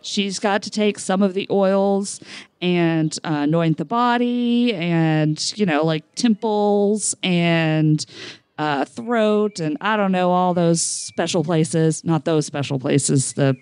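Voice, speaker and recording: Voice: mid-range voice, slow pace, darkish tone, smooth, no echo. A player in a casual tabletop game describing a character's actions, thinking aloud with fillers.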